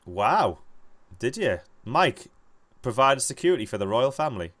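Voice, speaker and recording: A young man chatting casually while gaming with friends, swearing freely and rambling through animated stories. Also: mid-range voice, a little fast. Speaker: gamer playing with friends over voice chat.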